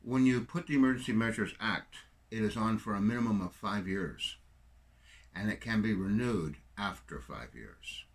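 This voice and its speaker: A man's voice: fairly low pitch, expressive, normal speed, vocal fry. An older man from Canada giving a rambling, sarcastic solo political monologue, full of digressions. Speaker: political commentator.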